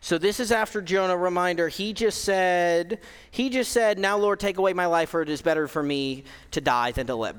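Young male preacher, high voice, casual sermon delivery with fillers, reverberant hall. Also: fairly bright tone. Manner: conversational, self-deprecating, frequent fillers and restarts.

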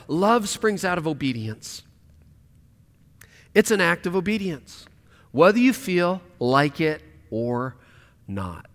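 Impassioned preacher in a reverberant hall. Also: male voice, sits high, lively intonation, takes it slowly. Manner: impassioned, swings from loud to hushed. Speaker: pastor. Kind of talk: sermon.

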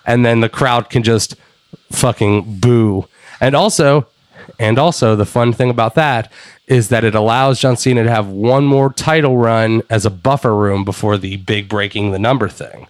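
A man co-hosting a podcast in casual chat, animated and swearing as he thinks out loud. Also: lowish voice, moderate pace, no room sound. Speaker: podcast co-host.

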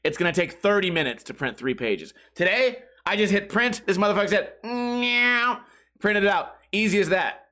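A young man hosting a podcast, telling profane, animated stories and acting out quotes and noises. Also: high voice, fairly quick, few pauses. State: sweating. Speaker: podcast host. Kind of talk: casual storytelling monologue.

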